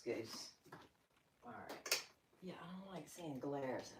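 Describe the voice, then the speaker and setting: Folksy older Southern yoga teacher, slow and lively-pitched, roomy distant sound. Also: female voice, noisy background. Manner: folksy, chatty, playful asides. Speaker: yoga instructor. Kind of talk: guided yoga class.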